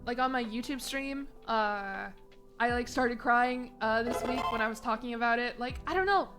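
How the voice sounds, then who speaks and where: A woman's voice: a little high, steady tone, moderate pace, over music. A young woman from Chicago chatting casually on stream, rambling and emotional, laughing at herself. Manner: rambling, emotional, self-mocking, laughs often.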